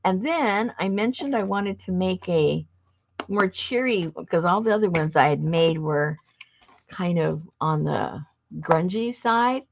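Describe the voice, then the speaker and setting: A woman's voice: fairly low pitch, animated, unhurried, creaky, dull audio, a little hiss or hum. A woman hosting a casual crafting livestream, chatting in a rambling, self-interrupting way. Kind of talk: casual chat while crafting.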